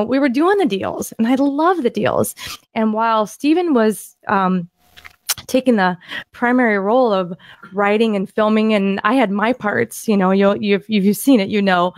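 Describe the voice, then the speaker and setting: A woman co-hosting a podcast, excitedly walking through property deals on screen in a casual, rambling way with frequent restarts. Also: medium pitch, dry recording. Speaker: podcast co-host and land investor. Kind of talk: casual screen-share deal walkthrough.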